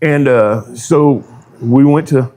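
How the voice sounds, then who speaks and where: A Texan drag racer, guesting on a podcast, tells his story in a rambling, folksy way, peppering it with "dude" and quoted dialogue. His mid-range voice has a dark tone, and he takes it slowly in this casual storytelling.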